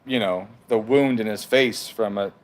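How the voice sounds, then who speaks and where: A man's voice: lowish voice, moderate pace. A man hosting a livestream from home, reading chat messages aloud and arguing back in a heated, profane, casual rant. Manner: profane, argumentative, talks back to comments.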